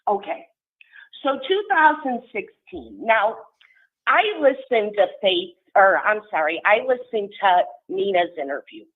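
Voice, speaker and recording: A woman's voice: medium pitch, expressive. A woman calling in to a livestream, carefully working through dates and ages step by step. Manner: deliberate, walks through the numbers step by step. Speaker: caller. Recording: tinny phone-line call.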